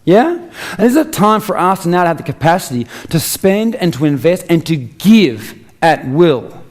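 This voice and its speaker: A man's voice: on the high side, very animated, moderate pace. An Australian man giving an emphatic motivational speech on stage, full of rhetorical questions. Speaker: inspirational speaker.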